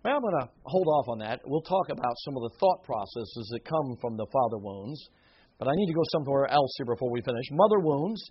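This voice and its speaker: A man's voice: mid-range voice, sing-song, fairly quick, lo-fi sound, slight background noise. A man preaching a sermon in an earnest, emphatic way, with asides and short laughs.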